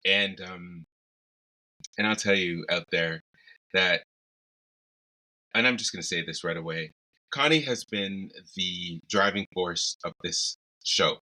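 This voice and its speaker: A man co-hosting a casual podcast chat, playful and quick to laugh. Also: low-pitched, poor audio. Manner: laughs often, animated and playful. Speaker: podcast co-host.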